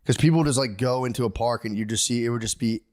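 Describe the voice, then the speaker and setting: A man's voice: fast, a little mellow. Rambling man on a comedy podcast. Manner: rambling, acts out quotes with sudden high-pitched outbursts. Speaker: podcast co-host. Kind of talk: casual comedic chat.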